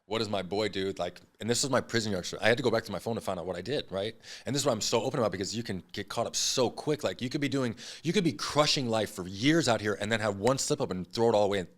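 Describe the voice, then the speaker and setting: Man in his 30s, deep voice, rapid blunt storytelling, swears a lot, interview guest. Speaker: podcast guest.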